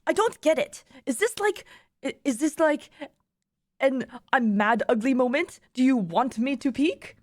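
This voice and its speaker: A woman's voice: high-pitched, animated, a little slow, no echo, voice pushed up. A woman reading the lines of a nervous, stammering young man from a story, in close to her own voice. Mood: flustered.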